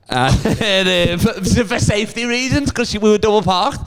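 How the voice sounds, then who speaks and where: A man's voice: high-pitched, normal speed, creaky, slight background noise. A young man from Liverpool with a Liverpool accent, telling rambling, sweary stories on a comedy podcast. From Liverpool, England. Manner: rambling storyteller, swears a lot, laughs. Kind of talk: casual podcast chat.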